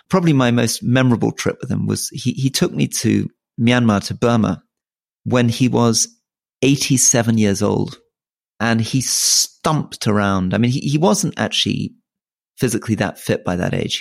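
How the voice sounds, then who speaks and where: A man's voice: on the low side, gravelly, no echo, clean studio sound. A middle-aged man co-hosting a podcast in casual conversation, often restarting his sentences and repeating words as he thinks aloud. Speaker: podcast co-host.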